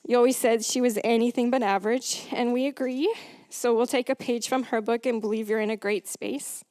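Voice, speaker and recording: A woman with an English accent reads a eulogy in a measured way, pausing now and then to clear her throat. Her voice sits a little high for a woman. The sound is dry and close, with no room around it. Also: fairly even intonation, a little mellow, no echo. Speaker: family member reading tributes. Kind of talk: reading a eulogy aloud.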